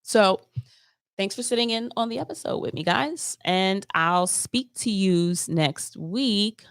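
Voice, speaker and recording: A woman's voice: mid-range voice, a little slow, fairly bright tone, clean tone, no room sound, clean studio sound. A woman hosting her own travel podcast, chatting casually and loosely, trailing off and picking back up. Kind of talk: casual solo podcast chat. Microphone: close mic, streamed live.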